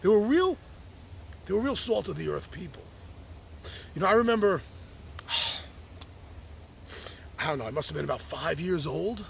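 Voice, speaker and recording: A man's voice: high-pitched, expressive, a little slow, gravelly, long pauses, a little hiss or hum. A man speaking a heartfelt open letter on his podcast, reflective and earnest, sometimes restarting his sentences. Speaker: podcast host writing to his birth mother. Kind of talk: personal open-letter monologue.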